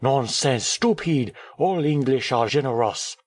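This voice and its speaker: A man reading an audiobook, voicing a cheerful, talkative male French journalist who speaks in a brisk, airy, teasing way. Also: mid-range voice, animated, slightly rough, no room sound, studio quality, voice pushed up. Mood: breezy.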